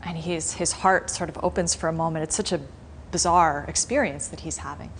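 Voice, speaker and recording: Female meditation teacher, lower voice, easy conversational storyteller. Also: brisk, slight background noise. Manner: relaxed, conversational retelling with many fillers. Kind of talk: storytelling in a class.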